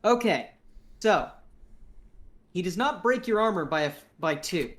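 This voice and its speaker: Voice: mid-range voice, animated, measured pace. A game master running a tabletop combat in a casual, rambling way, reading rules aloud and narrating moves.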